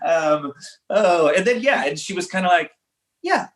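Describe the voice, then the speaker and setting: A man from Los Angeles, a writer-director answering interview questions, thinking aloud and telling self-deprecating stories in halting restarts. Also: high voice, expressive, a bit bright. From Los Angeles, United States.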